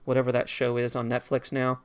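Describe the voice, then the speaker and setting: A man's voice: mid-range voice, completely flat delivery, fairly quick, clear, resonant tone. A man streaming a video game in casual commentary, rambling and talking to himself as he goes. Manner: rambling, talks to himself while drawing.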